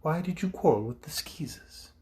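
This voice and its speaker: A man reading an audiobook, voicing a young girl ruler who speaks sweetly and with calm dignity. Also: a little high, normal speed, voice pushed up, close to an everyday voice. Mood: gentle. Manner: sweet, friendly, calmly commanding. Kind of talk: audiobook character voice.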